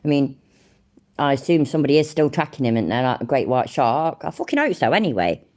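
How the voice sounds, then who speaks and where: Woman, reaction streamer, low voice, animated pitch, blunt, sarcastic, swears a lot. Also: fast talker. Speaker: livestream reaction host. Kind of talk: casual live commentary on a played video.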